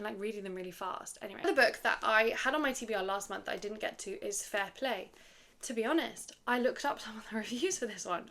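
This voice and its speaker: A woman's voice: medium pitch, fairly bright tone. A woman chatting casually to camera as a book vlogger, rambling with fillers and small laughs. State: slightly out of breath.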